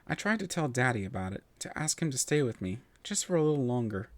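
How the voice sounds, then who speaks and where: A man reads a first-person story aloud, expressive and melodic, with his pitch rising and falling widely. His voice sits in a middle register. The recording is dry and close to the mic. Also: fast, no echo. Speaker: narrator.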